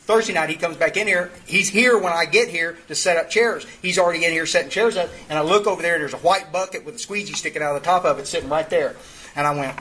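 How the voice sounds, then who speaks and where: A man's voice: fairly high pitch, quick pace, bright, forceful tone, rough recording. A man speaking at a twelve-step meeting, telling a story in an earthy, rambling way with many restarts. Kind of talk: folksy storytelling talk.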